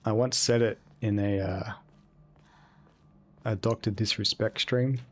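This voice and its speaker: Laid-back young man, low voice. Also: steady tone, a little slow. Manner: rambling, profane, laid-back. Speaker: game streamer. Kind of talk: casual live-stream chat while gaming.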